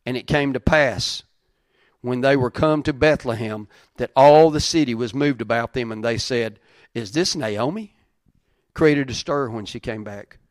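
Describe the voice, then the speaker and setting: A man's voice: mid-range voice, no room sound. Emphatic male preacher, dry sound. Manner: emphatic, repeats key lines, reads old-style verses. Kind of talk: sermon with scripture reading.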